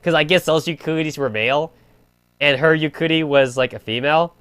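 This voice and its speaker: A man's voice: fairly high pitch, brisk, a bit bright, clean tone, no room sound. A young man streaming a game, rambling in crude casual chat full of filler "like". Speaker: gaming streamer.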